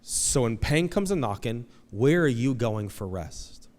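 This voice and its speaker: A man preaching a conversational, animated sermon as pastor, acting out quoted voices. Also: medium pitch, unhurried. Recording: long hall reverb.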